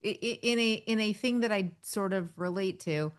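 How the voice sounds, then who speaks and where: A woman's voice: mid-range voice, normal speed. A woman hosting a podcast, asking probing follow-up questions in a conversational way. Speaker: podcast host. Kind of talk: conversational interview.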